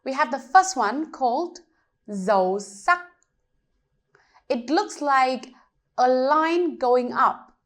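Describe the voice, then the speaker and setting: A woman's voice: high voice, slow pace. A woman teaching pronunciation, explaining patiently step by step with examples. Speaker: language teacher. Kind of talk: slow pronunciation lesson.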